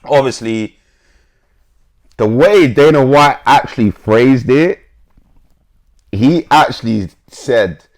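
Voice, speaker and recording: A man's voice: mid-range voice, animated, takes it slowly, pauses often. A man hosting an MMA commentary channel, chatting bluntly and swearing as he reads posts to his viewers. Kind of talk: casual commentary, reading posts aloud.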